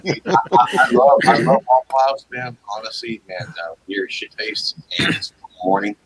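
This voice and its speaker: A man in a casual chat, dropping quick jokes and wisecracks. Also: medium pitch, crowd noise, low-quality recording.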